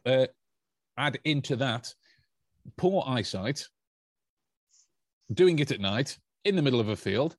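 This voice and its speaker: A man's voice: mid-range voice, animated, slow, long pauses, no echo, clean studio sound. A man hosting a podcast, telling a story in a casual, joking way with lots of stumbling restarts. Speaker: podcast host. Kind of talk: casual chat.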